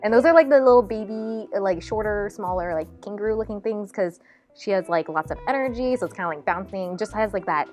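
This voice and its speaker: A woman co-founder chatting candidly in an interview, quick and lively with lots of fillers. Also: medium pitch, faint music behind.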